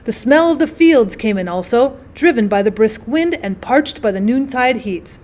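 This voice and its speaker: A woman teacher giving a measured, clear scripted narration of a short story. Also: a little high, lively intonation, darkish tone.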